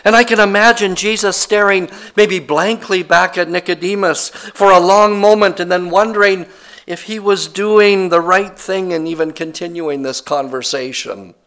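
A man's voice: sits high, moderate pace, a bit bright. A man preaching a sermon, retelling a scripture story in a conversational way with wry asides.

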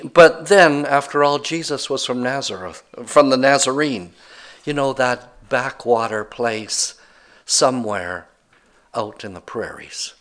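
A man's voice: medium pitch, a bit bright. A man preaching a sermon, retelling a scripture story in a conversational way with wry asides.

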